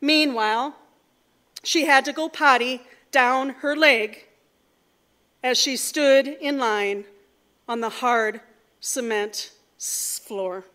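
A woman giving a sermon, telling stories in a measured, earnest way before leading a prayer. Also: high-pitched, bright, forceful tone. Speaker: preacher. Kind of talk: sermon with storytelling.

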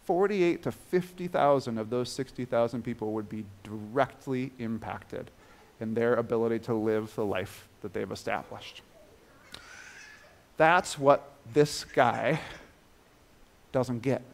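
Emphatic male preacher with slow delivery. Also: creaky. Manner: emphatic, rising and falling in pitch and loudness; leads the listeners in a guided breathing exercise. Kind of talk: sermon.

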